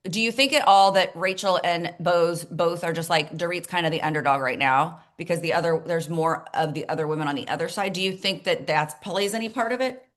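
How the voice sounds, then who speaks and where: A woman co-hosts a relaxed talk about reality TV. She weighs things aloud with questions, and she talks in a reflective, easy manner. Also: fairly low pitch, a little fast, few pauses. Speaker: co-host. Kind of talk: casual reality-TV recap chat.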